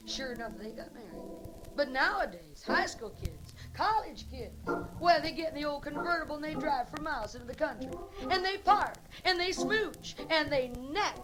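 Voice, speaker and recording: A woman's voice: high voice, expressive, moderate pace, noisy background. A middle-aged woman doing live stand-up comedy, teasing the audience with bawdy jokes in a brassy, teasing manner. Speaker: stand-up comedian working the crowd. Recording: live club recording with loud crowd.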